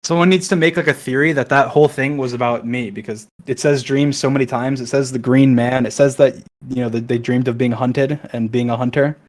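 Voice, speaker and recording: A man's voice: mid-range voice, steady tone, brisk, few pauses. A man reading a long poem aloud in a hurry, tripping over words and breaking off with asides. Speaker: online content creator.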